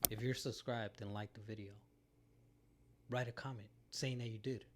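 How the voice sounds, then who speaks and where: A man's voice: lowish voice, fairly even intonation, normal speed, noisy background. A young man co-hosting a casual chat show, talking in a laid-back, profane and rambling way with lots of fillers. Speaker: co-host.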